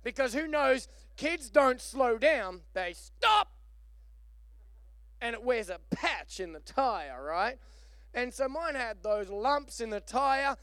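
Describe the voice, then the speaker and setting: A man preaching a lively sermon, joking and calling for amens. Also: extremely high pitch, slow pace, dry recording, clean studio sound. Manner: animated, joking, calls for amen. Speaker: pastor.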